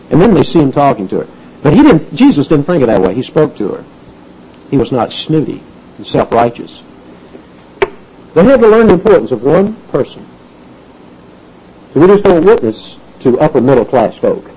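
A man preaching a sermon in a folksy, animated way, acting out the voices of the people he quotes. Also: mid-range voice, a little fast, husky, muffled recording.

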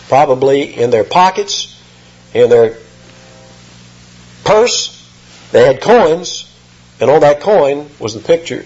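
A man's voice: on the high side, slightly rough. A man preaching an expository sermon, emphatic and rising sharply when he quotes. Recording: muffled lo-fi sermon recording.

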